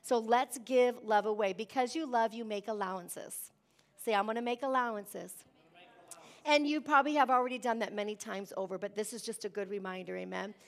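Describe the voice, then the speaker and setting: A woman preaching a sermon, lively and emphatic, often asking the congregation "amen?". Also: a little high, a little fast. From Wisconsin. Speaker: pastor.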